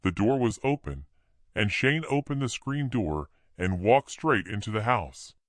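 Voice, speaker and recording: Guy reading a horror audiobook, lively pitch, dry close mic. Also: measured pace, no room sound. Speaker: audiobook narrator.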